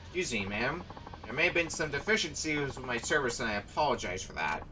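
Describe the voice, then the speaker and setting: A man reading out the lines of a calm, polite male taxi driver in a video game, patient and apologetic. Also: mid-range voice, a little fast, recorded from a distance, background noise, close to an everyday voice.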